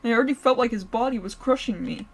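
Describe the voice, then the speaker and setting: A woman's voice: fairly high pitch, fast. Playful woman streamer reading a story. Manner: playful, giggly, breaks off to joke with chat. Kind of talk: story reading with live reactions.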